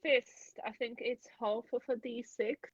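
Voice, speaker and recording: A woman's voice: on the high side, steady tone, no echo, muffled recording. A woman playing a tabletop game, talking rules and speaking in character, with frequent restarts and repeated words. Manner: halting, repeats words while thinking. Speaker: player.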